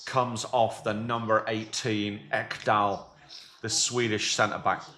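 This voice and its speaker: Lower-voiced dad calling football. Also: male voice, takes it slowly. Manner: jokey, excitable play-by-play between banter. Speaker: co-host reacting to football. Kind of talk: casual live-reaction commentary.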